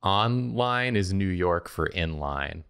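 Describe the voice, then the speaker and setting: A man's voice: low voice, animated, takes it slowly, creaky, fairly bright tone, smooth. A man joking around in a casual chat, playfully indignant. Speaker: show regular, artist.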